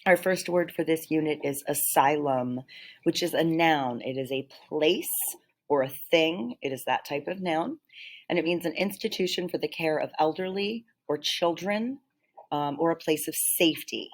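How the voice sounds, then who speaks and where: A woman teacher walking students through vocabulary slides, explaining patiently with frequent fillers and throat clearing. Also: low-pitched, moderate pace. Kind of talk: vocabulary lesson over slides.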